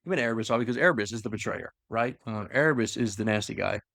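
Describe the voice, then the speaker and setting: A podcast host retells lore to his co-host, spinning a long story casually and animatedly, acting out quotes and filling it with fillers. His voice is on the low side and gravelly, and he talks rapid-fire. The recording is dry.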